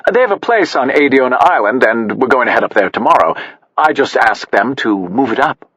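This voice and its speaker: A man voicing a cool, self-assured wealthy man with a crisp manner, in an audiobook. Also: medium pitch, big pitch swings, fairly quick, a bit bright, no echo. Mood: smug. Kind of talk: audiobook character voice. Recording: dull, slightly muffled.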